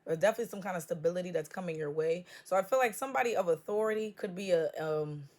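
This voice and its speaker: A woman's voice: fairly low pitch, rapid-fire, darkish tone. Blunt, profane woman reading tarot. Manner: blunt, profane, joking trash talk. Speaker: tarot reader. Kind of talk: casual tarot reading to camera.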